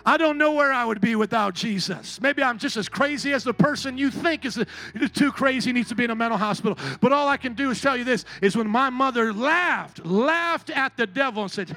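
A male pastor delivers a sermon at a church service. His voice sits high and rings bright, dropping into quiet storytelling and then rising to shouted calls to the congregation. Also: fairly quick, gravelly, soft background music. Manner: preaching with big swings between quiet storytelling and shouting.

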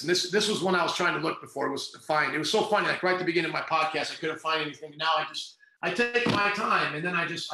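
A man's voice: on the high side, vocal fry, pushed and bright, echoey room, slight background noise, rough recording. A middle-aged man, a pastor hosting a podcast, talks in a fervent, sarcastic, rambling way. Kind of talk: casual preaching podcast.

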